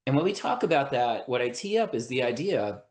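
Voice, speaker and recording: Brisk and sing-song, this mid-range male voice echoes in a reverberant space. He's an attorney and mediator on a podcast interview, earnestly explaining things and breaking up his sentences with restarts and "right?"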